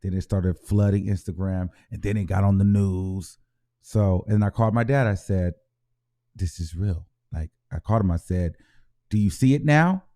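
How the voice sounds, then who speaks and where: A man hosts his own vlog, rambling emotionally with lots of fillers and restarts. His voice sits low and warm, at a normal pace.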